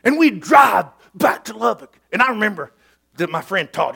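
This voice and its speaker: A man's voice: high voice, very animated, moderate pace, creaky, bright, forceful tone, husky. A middle-aged man preaching a sermon in a folksy, emphatic storytelling way.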